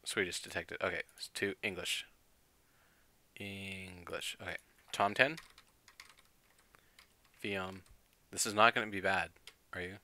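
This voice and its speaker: A man streaming a game and chatting casually with his viewers, thinking aloud and clearing his throat often. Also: low-pitched, fairly even intonation, unhurried, pauses often, sharp tone.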